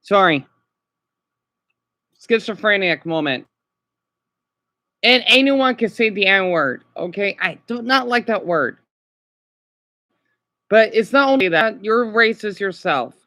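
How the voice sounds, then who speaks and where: In this unscripted home livestream, a high-voiced man rambles with an expressive, bright, forceful tone. Though the sound is clean, studio-like and echo-free, he comes across as upset and exhausted, halting, repeating himself and ending lines with "okay?".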